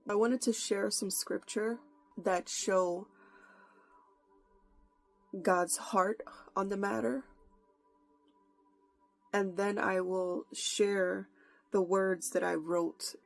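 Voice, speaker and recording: A woman preacher praying fervently and giving a prophetic message, slow and pleading. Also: medium pitch, steady tone, creaky, faint music behind. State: holding back tears.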